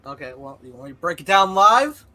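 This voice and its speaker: A man co-hosting a casual podcast, chatting about films with excitable, laughing banter. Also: high voice, brisk. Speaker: podcast co-host. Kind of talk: casual chat.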